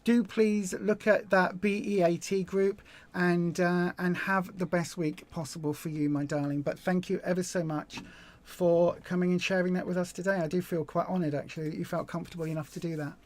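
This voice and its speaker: A woman's voice: lowish voice, fairly even intonation, brisk, darkish tone. A woman hosting a weight loss support live stream, talking in an emotional, effusive way and repeating herself. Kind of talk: casual live stream chat.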